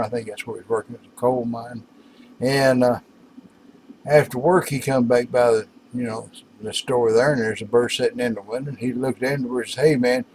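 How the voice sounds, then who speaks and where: A man's voice: medium pitch, a little mellow, a little hiss or hum, rough recording. Folksy man telling a joke. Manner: folksy, drawling storyteller. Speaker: workshop YouTuber. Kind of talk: casual joke-telling vlog. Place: workshop.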